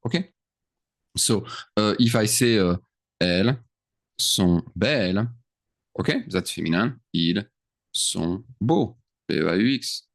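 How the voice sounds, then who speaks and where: A man who teaches French runs a screen-shared grammar lesson in a lowish, creaky voice, working things out aloud and checking in through frequent questions.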